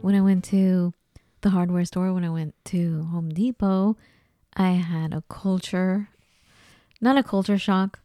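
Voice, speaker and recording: A woman's voice: on the low side, fairly even intonation, a little slow, warm tone, dry recording, faint music behind. A woman from Los Angeles with a Los Angeles accent, telling stories in a rambling, casual chat full of likes and restarts. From Los Angeles, California. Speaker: podcast co-host.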